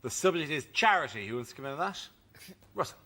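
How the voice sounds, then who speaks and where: A man hosting a panel show, briskly announcing topics and calling on comedians. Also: on the high side, lively intonation, bright, forceful tone. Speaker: show host. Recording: TV studio audio from far off with crowd.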